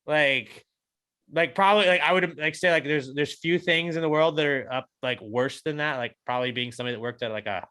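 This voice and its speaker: A man's voice: fairly high pitch, brisk, sharp tone. A man co-hosting a podcast in casual chat, rambling and self-deprecating, and swearing freely. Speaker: podcast co-host.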